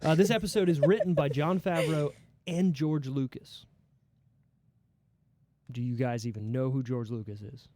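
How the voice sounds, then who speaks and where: A man hosting a casual TV review podcast, animated and swearing casually as he talks. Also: mid-range voice, moderate pace, pauses often, no echo. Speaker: podcast host.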